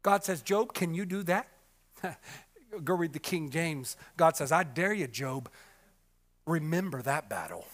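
A man with a high, bright voice preaches a sermon. His delivery is dramatic, climbing to ringing shouts and then dropping to hushed whispers. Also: expressive, measured pace, pauses often.

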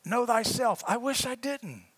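A preacher with a very high, bright, forceful voice. He reads scripture and works up to shouted peaks before falling back into low, quiet asides. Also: animated, unhurried, husky, dry recording. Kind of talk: sermon reading scripture.

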